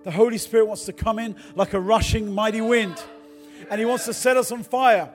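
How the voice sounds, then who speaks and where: A middle-aged man preaches with a fairly high voice, moving from easy personal stories into fervent exhortation. A faint music bed plays softly beneath his sermon. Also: fairly even intonation, a little fast. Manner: storytelling, then builds to fervent exhortation. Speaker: pastor.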